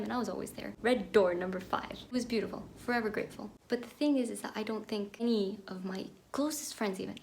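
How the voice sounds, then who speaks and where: Candid young woman with gravelly edges. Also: medium pitch, a little hiss or hum. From Pakistan. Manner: candid, animated storytelling with sudden whispered asides. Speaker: podcast host. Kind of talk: personal reflective monologue.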